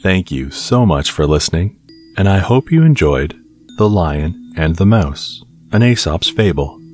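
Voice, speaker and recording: A man hosting a sleep podcast, reading a bedtime story in a calm, measured, scripted narration. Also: deep voice, soft background music.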